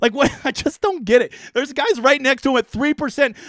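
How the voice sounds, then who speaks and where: A man with a very high-pitched voice rattles on brashly through a casual live stream, swearing freely and going off on tangents. The sound is dry and close, with no room echo. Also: fast, hardly any pauses, fairly bright tone. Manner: brash, profane and rambling. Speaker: fantasy sports streamer.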